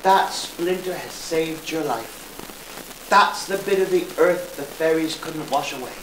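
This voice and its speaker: A man voicing a kind, worried mother who soothes her son in a gentle, hushed way. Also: a little high, unhurried. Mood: soothing. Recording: echoey room, distant mic, hiss.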